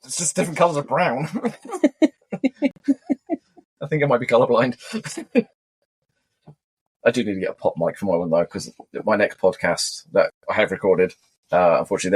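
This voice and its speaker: Casual co-host, a man with a husky voice and jokey, wandering chat. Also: low voice. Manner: animated, joking, rambling tangents. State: wired on caffeine. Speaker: podcast co-host.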